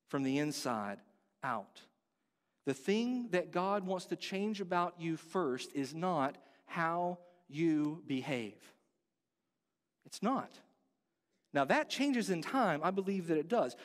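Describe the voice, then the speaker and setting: With a voice on the high side and a long reverb tail behind it, a man delivers a sermon as pastor in a church sanctuary. His tone is earnest and conversational, and he asks the congregation direct questions.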